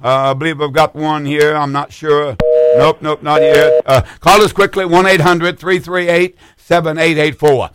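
A man's voice: fairly high pitch, fairly even intonation, moderate pace, a bit bright, clean tone, no room sound. A middle-aged man hosting a call-in radio show as a pastor, speaking with a fervent, repetitive preacher's cadence.

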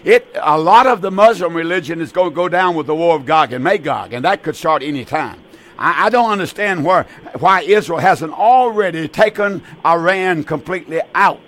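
A man's voice: high-pitched, fairly bright tone. A man in his eighties hosting a call-in radio program, preaching earnestly with many restarts and repeated words. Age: 80s.

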